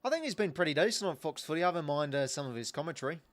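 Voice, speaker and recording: A man's voice: a little high, expressive, racing, fairly bright tone. Easygoing Australian man chatting on a livestream. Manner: chatty and easygoing, thanking viewers, many restarts. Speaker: livestream host. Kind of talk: casual live watch-along chat.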